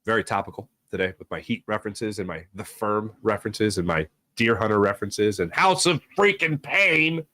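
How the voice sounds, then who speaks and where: Casting note: Philly-male sports host, bright, dry close sound, loose rambling banter with the chat. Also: lowish voice, lively intonation, normal speed, few pauses, no room sound. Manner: rambling, jokey, reacts to chat names. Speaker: sports talk show host. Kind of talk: casual live-stream chat reading comments.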